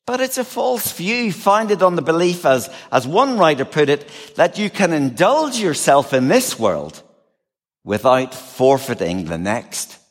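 Slow, lively-voiced preacher in a reverberant hall. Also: male voice, on the high side. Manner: measured, expressive preaching with dry humor. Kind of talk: sermon.

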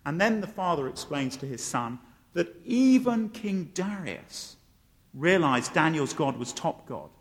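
High-voiced male preacher in a reverberant hall. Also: unhurried. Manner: animated storytelling, acts out quoted voices. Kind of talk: sermon.

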